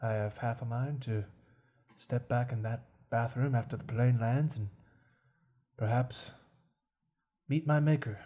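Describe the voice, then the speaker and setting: A man voicing a weary old male butler, gloomy and devoted, in halting, quiet improvised movie-dub comedy. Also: mid-range voice, steady tone, narrow, tinny audio, pitched below the performer's own voice, close to an everyday voice.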